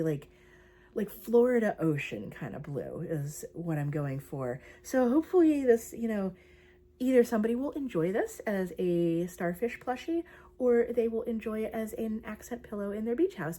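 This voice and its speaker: A young woman chats her way through a crochet vlog in a loose, rambling manner. She fills her talk with likes and ums while showing her yarn. Her pitch sits in a middle range for a woman. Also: mellow. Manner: chatty, rambling, many fillers and likes. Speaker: crochet vlogger. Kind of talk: casual craft vlog chat.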